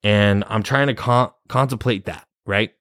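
A man's voice: lowish voice, measured pace, a bit bright, no echo, studio quality. A young man telling a personal story in a rambling, casual way, cursing often and laughing nervously. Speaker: vlogger.

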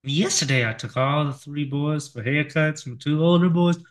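A man co-hosting a casual weekend radio show, reading odd news stories aloud with fillers and frequent chuckles. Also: on the high side. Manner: chuckles often, reads stories in a halting way with fillers.

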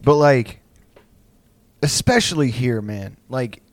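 Animated rambling man with lively pitch. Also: slow, no echo. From South Houston, Texas. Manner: rambling, animated, laughs often, acts out insults. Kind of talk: crude comedic banter.

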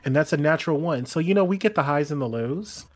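A man's voice: on the high side, animated, quick pace. A man playing a tabletop game, talking loosely with lots of fillers and swearing. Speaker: player. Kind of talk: casual tabletop play.

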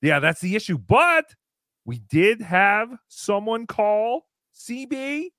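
Gushing, lively podcast host. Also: medium pitch, slow pace, no echo, studio quality. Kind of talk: casual podcast chat.

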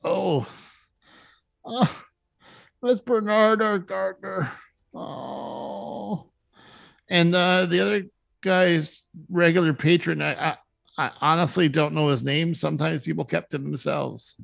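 Brief: man voicing a timid woman bartender, apologetic and hesitant, pitched up. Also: fairly even intonation, moderate pace, gravelly, fairly bright tone, no room sound. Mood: grieving. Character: nervous young woman bartender, shaken survivor.

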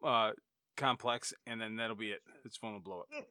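A man's voice: fairly low pitch, moderate pace, bright, forceful tone, dry recording, studio quality. A man hosting a podcast in casual banter, swearing and exasperated at his cohosts. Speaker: podcast host.

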